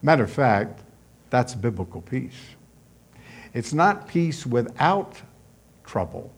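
Guy preaching a sermon, slow and measured, telling a story. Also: medium pitch, sing-song, breathy edge. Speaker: pastor.

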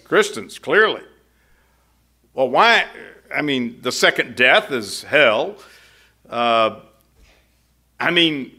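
A male preacher with a fairly high, bright, forceful voice delivers an expository sermon. He talks slowly and emphatically, asking the congregation rhetorical questions. Now and then he drops into quieter, lower asides while explaining. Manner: slow, emphatic, conversational teaching with rhetorical questions.

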